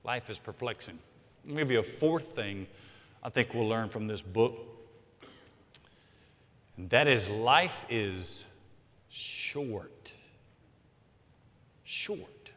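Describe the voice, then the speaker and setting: A man preaching a sermon as senior pastor, emphatic, swinging from loud to hushed. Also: fairly low pitch, a little slow, long pauses, big-room sound. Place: large church sanctuary.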